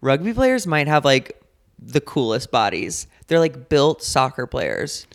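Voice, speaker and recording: A man co-hosting a podcast, chatting casually with teasing, deadpan jokes. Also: medium pitch, a little slow, creaky. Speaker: podcast co-host. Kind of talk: casual banter.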